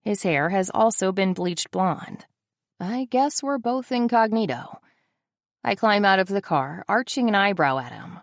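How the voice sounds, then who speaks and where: A woman's voice: medium pitch, lively intonation, unhurried, no echo. A woman narrating a first-person audiobook in a wry, sardonic manner, close to the mic.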